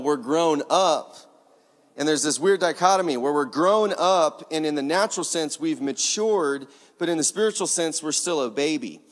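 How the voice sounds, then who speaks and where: A man preaching a sermon in an animated, conversational way, often laughing as he speaks. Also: a little high, big-room sound.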